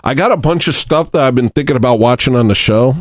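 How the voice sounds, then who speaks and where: A man's voice: medium pitch, quick pace, no echo, clean studio sound. A man hosting a casual livestream, rambling and self-deprecating as he reads chat messages and verses aloud. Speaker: livestream host.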